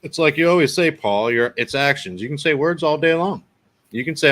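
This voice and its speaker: A man's voice: lowish voice, moderate pace, fairly bright tone. Blunt man telling a profane story. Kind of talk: casual storytelling.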